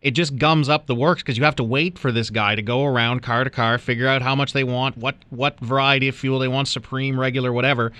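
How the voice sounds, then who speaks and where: Bright-voiced man on talk radio. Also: mid-range voice, steady tone, brisk, hardly any pauses, dry recording. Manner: conversational, explaining with everyday examples. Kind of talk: casual radio chat.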